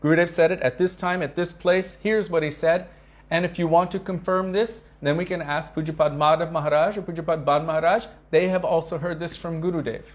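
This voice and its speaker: A man's voice: steady tone, fairly quick. A man giving an earnest devotional talk to disciples, telling stories with emphatic repetition and acting out quoted speech. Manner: acts out quoted speech with sharp pitch shifts. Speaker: spiritual teacher.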